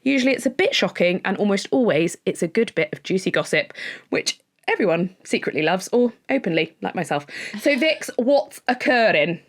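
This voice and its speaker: A woman in her thirties, co-hosting a podcast in casual chat, enthusiastic and talkative, acting out what people said in quick little voices. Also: medium pitch, big pitch swings. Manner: chatty, enthusiastic, quotes others in little acted voices. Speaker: podcast co-host.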